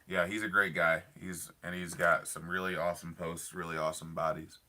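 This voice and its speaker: A young man live streams from his parked car at night, casually chatting with viewers and reading comments in an enthusiastic, rambling way full of fillers and repeats. His voice is low-pitched and bright with a flat, brisk, forceful delivery.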